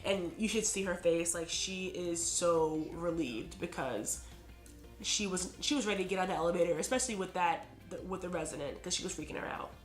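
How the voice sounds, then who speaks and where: A woman's voice: lowish voice, fairly quick, soft background music. A woman giving a casual recap of a TV episode, talking in a chatty way full of "like" and "you know". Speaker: TV episode reviewer. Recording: roomy echo.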